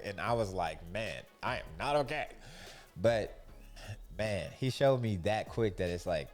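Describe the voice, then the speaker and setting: A man's voice: lowish voice, a little slow, soft background music. A young adult man hosting a casual faith-based talk, telling stories loosely and acting out the quotes. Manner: loose, animated storytelling with acted-out quotes. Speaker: podcast host.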